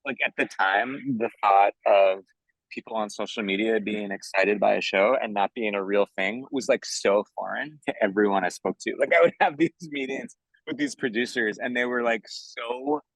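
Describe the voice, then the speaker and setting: An earnest, animated man answers interview questions in a loose, chatty way. He keeps dropping in "like" and "you know". The sound is dry, with little room around his voice. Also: on the low side, moderate pace, creaky, no room sound, rough recording. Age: adult, working in theater for years. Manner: enthusiastic, earnest. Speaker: musical theater composer, interview guest.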